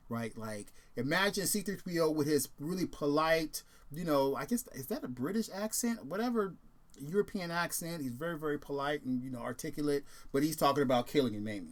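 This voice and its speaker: A man's voice: medium pitch, expressive, moderate pace. A man hosting a casual video and talking in a rambling, laid-back way, full of fillers and restarts. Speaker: host.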